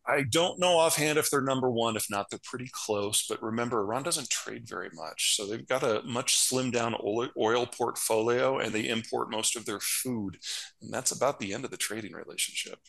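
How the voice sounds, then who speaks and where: A man's voice: medium pitch, moderate pace, vocal fry, fairly bright tone, rough recording. A man, a geopolitical strategist being interviewed, explaining world affairs in a blunt, emphatic, matter-of-fact way. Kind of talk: casual analytical interview talk.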